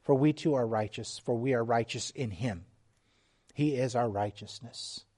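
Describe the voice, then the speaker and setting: Mellow-voiced preacher, slow and emphatic. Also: male voice, medium pitch. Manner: slow, emphatic preaching with sudden drops to quiet. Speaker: pastor. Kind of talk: sermon.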